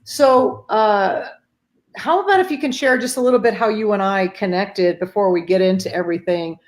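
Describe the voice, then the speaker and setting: A woman of medium pitch talks at a moderate pace as host of a faith-based grief support livestream on a video call. Casual and chatty, she greets viewers by name warmly and leans on frequent fillers.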